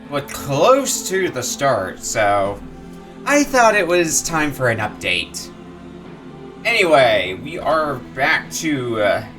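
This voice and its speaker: A male streamer chatting playfully through his gameplay, with a bright, sharp voice and a slow, drawn-out pace. His pitch bounces around a lot, and faint game music plays underneath. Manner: chatty and playful, laughs easily. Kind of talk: casual gameplay commentary.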